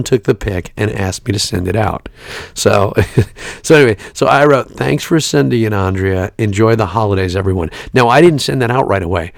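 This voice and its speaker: A gravelly man in his forties tells a story on a podcast, animated and profane. His voice sits in a middle range, with a dry, close sound and no room around it. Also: lowish voice, no room sound. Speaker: podcast co-host. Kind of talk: casual chat, storytelling.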